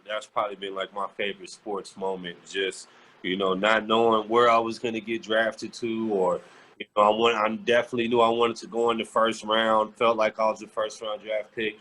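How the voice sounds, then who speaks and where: A man's voice: on the low side, normal speed, rough recording. Candid, profane man telling stories. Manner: candid, profane, animated retelling. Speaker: podcast guest, former pro basketball player. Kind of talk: casual storytelling.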